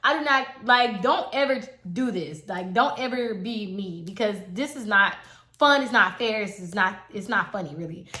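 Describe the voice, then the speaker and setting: A young woman chatting casually to her viewers as she tells a personal story, animated and talkative. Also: mid-range voice, moderate pace. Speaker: vlogger telling a personal story. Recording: roomy echo.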